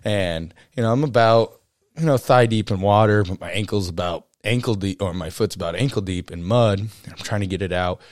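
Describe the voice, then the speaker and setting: A man's voice: on the low side, fairly quick, no echo, studio quality. A young man co-hosting a podcast, telling a long story in a rambling, casual way with lots of "you know" and "uh". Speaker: podcast co-host.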